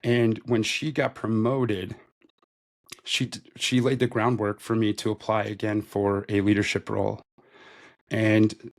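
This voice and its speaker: A man in his thirties with a low voice and a gravelly, creaky edge. He talks as a guest on a podcast, telling his own story in a loose, rambling way and leaning on "like" as he goes. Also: flat delivery, a little slow. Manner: loose and conversational, heavy use of "like". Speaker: podcast guest, retail store manager. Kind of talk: casual interview storytelling.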